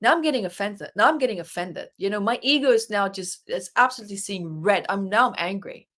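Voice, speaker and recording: A woman's voice: medium pitch, a little fast, a bit bright. A woman guest, an author and life coach, earnestly telling a personal story in an interview and acting out her own inner dialogue.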